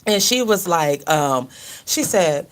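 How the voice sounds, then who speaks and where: In casual radio chat, a middle-aged woman co-host speaks slowly in a voice on the low side. Her funny family stories come with frequent laughter and quotes acted out in voices, told in an animated way.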